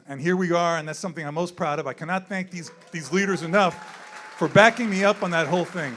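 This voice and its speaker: This older man has a high voice, a quick pace, and a fairly bright tone. He's a zoo wildlife worker delivering a rambling, candid, off-the-cuff speech at a gala in an indoor event room, repeating himself as he goes.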